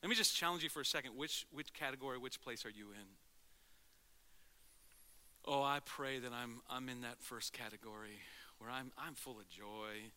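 A male pastor preaching a sermon in an animated way, swinging from loud to hushed and acting out quotes. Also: mid-range voice, moderate pace.

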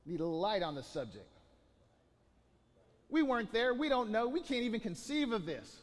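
A man's voice: high-pitched, big-room sound. A man preaching a sermon as pastor, building to emphatic bursts and often restarting his phrases.

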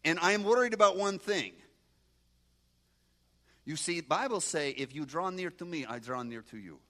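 A man in his sixties from Moldova with a Moldovan accent and broken English, giving an animated testimony sermon and talking back to his audience. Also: fairly high pitch, moderate pace. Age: 60s. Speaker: guest preacher.

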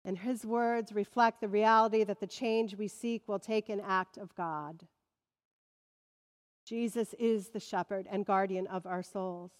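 A woman pastor delivering a sermon in a measured preaching manner that swells with emphasis. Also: medium pitch, fairly even intonation. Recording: long reverb of a large hall.

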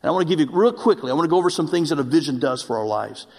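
A man's voice: a little high, animated, rapid-fire, creaky. A man preaching a sermon, telling a personal story with self-mocking humor before turning to earnest exhortation of the congregation. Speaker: pastor. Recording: long hall reverb.

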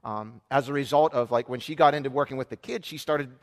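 A man's voice: mid-range voice, quick pace. A man in his thirties preaching a sermon as pastor, talking in an earnest, conversational way with frequent fillers and restarts. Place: church sanctuary. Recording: long reverb of a large church hall.

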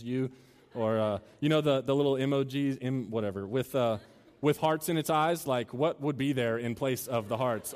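A man with a mid-range, slightly mellow voice delivers a sermon to students as a campus minister. At times he jokes and chats, then grows earnest, building intensity, all in a large hall with long reverb.

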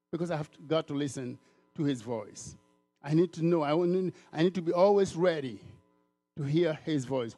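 A man from Africa delivers a sermon with a slightly raised pitch. He restarts and repeats phrases as he builds his point and slips into little acted voices for the people he quotes. Soft music plays faintly beneath him. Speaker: preacher.

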